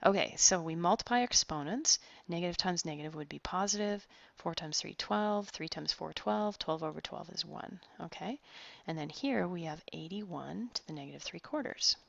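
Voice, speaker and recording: A woman's voice: lowish voice, normal speed, gravelly, few pauses, no echo. A woman math tutor talking students through problems step by step, encouraging them as she goes. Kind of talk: online math lesson. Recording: dull, dry close recording.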